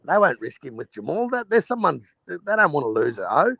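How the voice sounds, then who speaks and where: Man, gravelly, emphatic, swears freely, mid-pitched, dry sound. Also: very animated, a little fast, pushed and bright, no room sound, highs cut off. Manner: emphatic, swears freely, calls others bro. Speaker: boxing panel guest. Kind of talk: heated online panel chat.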